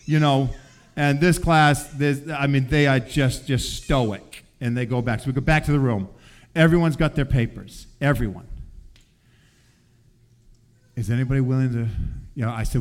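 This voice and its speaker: Male teacher sharing a faith story; animated, acts out quotes, sinks quiet for the heavy parts. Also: fairly quick. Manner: animated storytelling with acted quotes, often drops soft and low.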